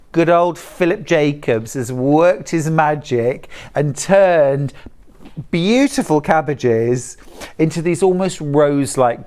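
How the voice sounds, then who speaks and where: Speaking from a TV studio, the host of a live shopping show praises every item in a measured, unhurried way. Her medium-pitched voice is a little mellow, and her chatty, eager patter is sprinkled with asides.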